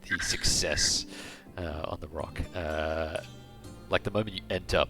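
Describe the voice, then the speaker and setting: Deep-voiced man narrating as game master. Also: steady tone, music in the background. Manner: halting, many fillers.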